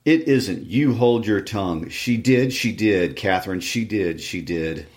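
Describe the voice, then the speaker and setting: A man with a low voice reading a sickly, spoiled teenage boy in a whiny, taunting, drawn-out way. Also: lively intonation, darkish tone.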